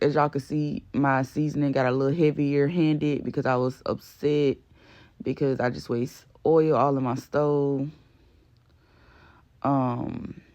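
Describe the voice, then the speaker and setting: Guy doing a rambly slangy cooking voiceover, kinda gravelly, mid pitch. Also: darkish tone, lo-fi sound. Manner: chatty, slangy, rambling with fillers. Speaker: cooking vlog host. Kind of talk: casual voice-over narration.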